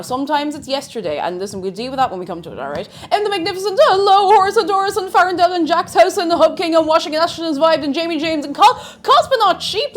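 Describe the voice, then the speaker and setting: A woman's voice: extremely high pitch, slight background noise. A woman hosting a live stream from her home kitchen, chatting playfully with viewers and making silly asides. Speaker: livestream host. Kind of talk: casual chat with live viewers.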